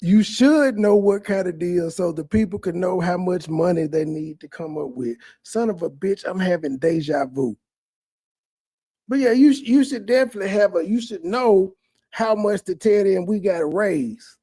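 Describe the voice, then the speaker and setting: A man's voice: high-pitched, moderate pace, mellow, husky, dry recording, clean studio sound. A man hosting a stream reaction, giving crude, sarcastic live commentary with heavy cursing.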